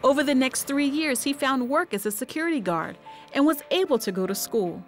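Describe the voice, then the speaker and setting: A woman reading scripted documentary narration in a measured, even way. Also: sits high, soft background music.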